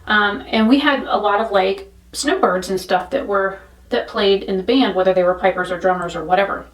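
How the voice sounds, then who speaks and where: A woman's voice: medium pitch, moderate pace. Chatty woman vlogger in an echoey room. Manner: chatty, rambling, frank asides. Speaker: beauty vlogger. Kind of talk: casual chat while doing makeup. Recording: roomy echo, speaking from a distance to the mic.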